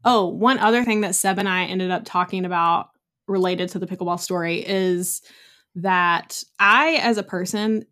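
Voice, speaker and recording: A woman's voice: mid-range voice, fairly bright tone. A young woman talking casually as a podcast guest. She tells stories at length and sprinkles in plenty of "like" and "you know". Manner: chatty, storytelling, many likes and you knows. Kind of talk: casual chat.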